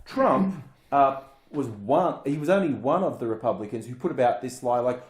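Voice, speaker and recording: A man of middle pitch holds forth in a casual political chat, blunt and scornful, piling on sarcasm as he goes. His voice carries a roomy echo around it. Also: lively intonation, moderate pace. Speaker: podcast co-host.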